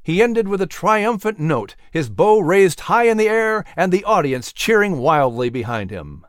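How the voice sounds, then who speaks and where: A man reading scripted story narration in an expressive, lively way. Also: medium pitch, normal speed, hardly any pauses, clear, resonant tone, dry recording, studio quality.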